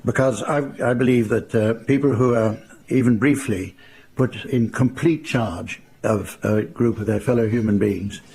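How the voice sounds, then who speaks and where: Older English raconteur, gravelly, mid-pitched, dry understated delivery. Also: male voice, steady tone, darkish tone. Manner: dry, unhurried, wry understatement. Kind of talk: anecdotal storytelling to a live audience.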